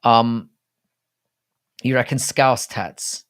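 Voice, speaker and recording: A man's voice: medium pitch, fairly even intonation, drawn-out words, fairly bright tone, clean tone. A young man hosting a live chat stream, talking loosely to viewers, swearing and calling them mate and bro. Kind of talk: casual live chat reading viewer comments.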